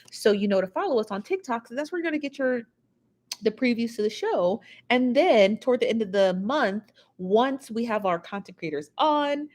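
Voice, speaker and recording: A woman hosting a live gossip show, chatting casually, greeting viewers by name and laughing often, seated at home on a built-in device mic. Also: mid-range voice. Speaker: livestream gossip show host. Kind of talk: casual live-chat talk. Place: seated at home in a squeaky chair.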